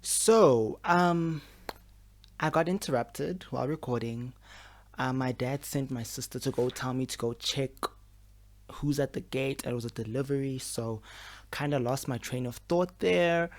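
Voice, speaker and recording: Young man in his twenties, casual to-camera vlog at home, expressive and frustrated, lots of fillers. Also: mid-range voice, unhurried. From South Africa. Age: 20s. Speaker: medical student vlogger. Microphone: camera with a mic.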